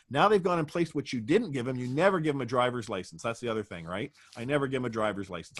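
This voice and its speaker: A man's voice: medium pitch, a bit bright. A man, a guest in a conversational interview, telling stories emphatically and asking rhetorical questions.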